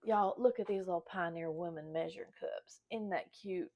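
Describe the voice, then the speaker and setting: A woman's voice: on the low side, moderate pace, warm tone, muffled recording. A woman, chatting in a folksy way to her viewers while she cooks in her home kitchen. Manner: chatty and folksy, often addressing viewers as y'all. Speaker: home cooking vlogger. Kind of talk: casual cooking demonstration.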